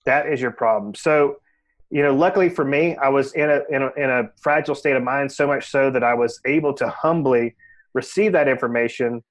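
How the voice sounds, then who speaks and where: A man's voice: medium pitch, steady tone, fairly quick. Candid man telling his story. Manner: candid and self-reflective, heavy "you know" fillers. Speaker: podcast guest, real estate agent. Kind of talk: casual interview storytelling.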